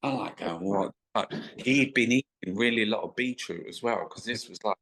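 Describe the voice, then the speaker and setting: A man with a low-pitched voice, talking as a guest in a casual interview. He spins long, rambling stories, full of swearing and restarts. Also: a little fast, creaky, a bit bright, rough recording. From England. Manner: rambling, sweary, stop-start anecdotes. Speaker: guest artist.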